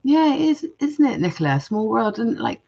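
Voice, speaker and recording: A woman's voice: a little high, very animated, normal speed, gravelly, dark tone, lo-fi sound. A woman hosting a live jewellery-making stream, chatting casually and reading viewer comments aloud.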